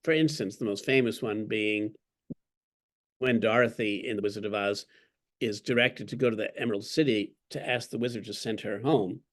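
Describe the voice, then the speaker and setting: A man's voice: on the low side, steady tone, normal speed. A man, an author being interviewed, who tells stories in a wry, articulate way and acts out the quotes he cites. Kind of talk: conversational interview.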